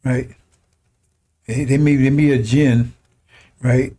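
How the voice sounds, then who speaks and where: A man's voice: medium pitch, fairly even intonation, slow, dark tone. A man preaching a fiery religious broadcast sermon, scornful and mocking, often laughing and repeating his phrases.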